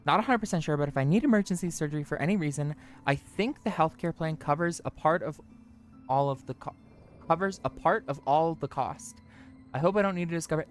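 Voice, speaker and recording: A livestreamer chatting casually with viewers and friends, joking, swearing and mocking themselves, with the pitch jumping high for greetings. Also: brisk, faint music behind. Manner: joking, profane, self-mocking.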